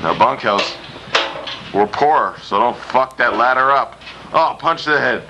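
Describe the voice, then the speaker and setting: Guy yelling and cussing through backyard wrestling commentary, slow drawl, loud noisy home-video sound. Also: mid-range voice. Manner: swears often, loud gasps and laughs. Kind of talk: profane excited play-by-play commentary.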